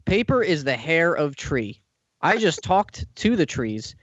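A man voicing a bumbling, pompous male office boss who speaks in blunt, halting pronouncements. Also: a little high, very animated, fairly bright tone, dry recording, highs cut off, full character voice.

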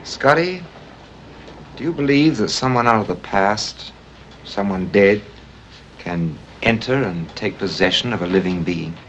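An actor playing a troubled husband who speaks gravely and measuredly, in a 1950s film. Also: male voice, fairly low pitch, animated, unhurried, a bit bright, a little hiss or hum. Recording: dull old film soundtrack.

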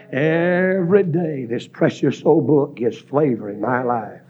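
A man preaching a revival sermon, rhythmically listing words and rising to shouts, recorded in a church. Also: fairly high pitch, takes it slowly, muffled recording.

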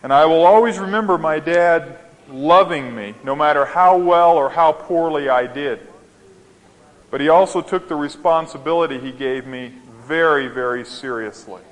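A man preaching a sermon as a pastor, telling a personal story in a slow, gentle way with rising emphasis. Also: medium pitch. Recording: long reverb of a large hall.

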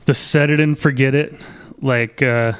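Smooth-voiced joking man. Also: medium pitch, fairly even intonation, a little slow. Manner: joking, rambling, lots of fillers. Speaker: podcast co-host. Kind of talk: casual chat.

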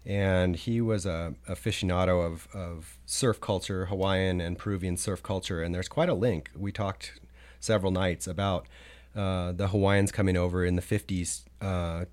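In a casual chat on a podcast, this guest reminisces about his trips, wandering through the story with lots of fillers and false starts. He has a low-pitched, darkish voice.

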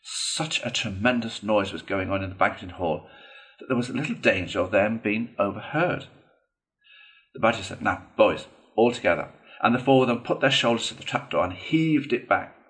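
A man narrating a classic children's storybook in an expressive read-aloud style. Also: lowish voice, moderate pace. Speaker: audiobook reader.

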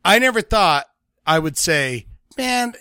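A playful man co-hosting a podcast, ribbing his friend with jokes. His voice is high and bright, and the sound is dry and close. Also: expressive, a little fast, dry recording. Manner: joking, teasing, playful. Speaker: podcast co-host. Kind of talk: casual chat.

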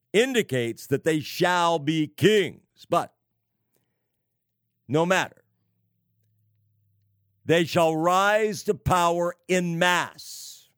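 A man preaching on prophecy, slow and emphatic, with sarcastic asides and wry laughs. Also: sits high, no room sound, studio quality. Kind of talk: prophecy sermon.

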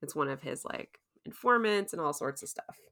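A woman talks through a recap in a relaxed, chatty way, laughing often. Her voice sits a little low but sounds bright and forceful. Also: normal speed. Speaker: podcast co-host recapping a TV episode. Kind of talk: casual chat.

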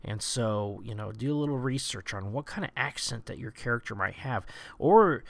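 A man's voice: medium pitch, expressive, normal speed, creaky, no room sound. A man hosting a show, talking through roleplaying tips in a chatty, rambling way, with lots of "you know" and "uh". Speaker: podcast host giving roleplaying tips. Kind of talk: casual tips monologue.

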